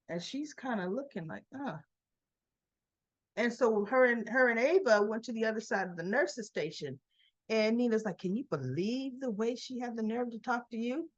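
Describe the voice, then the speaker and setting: A woman's voice: fairly high pitch, dull audio. A woman vlogger giving a casual recap of a soap opera episode, telling it as a story and acting out the characters' lines.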